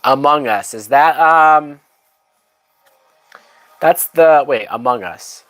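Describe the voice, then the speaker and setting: A man's voice: medium pitch, measured pace, sharp tone, faint music behind. A drunk man hosting a livestream, giving casual movie commentary in a rambling, profane way that trails off mid-thought. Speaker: livestream host.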